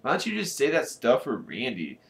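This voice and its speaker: A man voicing a dismissive, teasing boy who mutters flatly. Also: mid-range voice, normal speed, creaky.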